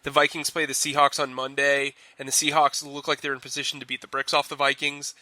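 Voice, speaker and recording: A young man co-hosting a casual sports analysis chat, talking in quick animated bursts with frequent restarts. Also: medium pitch, dry recording. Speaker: sports reporter co-host.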